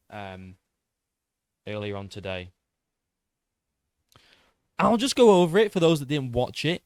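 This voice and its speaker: A man's voice: medium pitch, no room sound. Boastful man hyping a fight recap. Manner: boastful, excitable, swears a lot, stumbles and repeats. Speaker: MMA YouTuber. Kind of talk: excited fight recap vlog.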